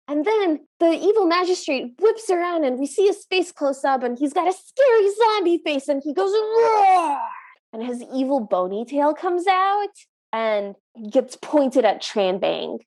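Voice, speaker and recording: High-voiced animated woman co-host. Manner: animated, acts out lines in character voices. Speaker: podcast co-host. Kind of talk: casual chat recapping a movie.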